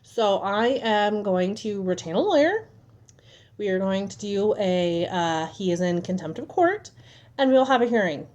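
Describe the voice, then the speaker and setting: A woman's voice: medium pitch, expressive, a little slow, darkish tone, highs cut off. A young woman venting casually to the camera at home, frustrated and exasperated as she retells an argument. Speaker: vlogger. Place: home, at a table.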